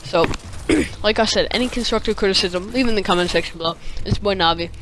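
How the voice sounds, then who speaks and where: A man's voice: high-pitched, quick pace, noisy background. A man with a slight lisp from a retainer, telling a story casually over gameplay in a rambling way, with many fillers and casual swearing. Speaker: gaming video creator.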